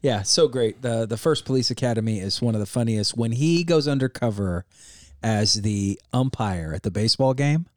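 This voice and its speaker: A man co-hosting a podcast in casual chat, enthusiastic and quick to agree. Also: medium pitch, animated. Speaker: podcast co-host.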